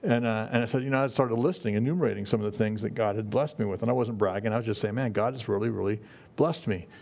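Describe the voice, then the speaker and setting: Here a middle-aged preacher talks to his congregation at a quick pace, his lowish, darkish voice carrying vocal fry. The sermon is conversational, full of restarted phrases and "you know."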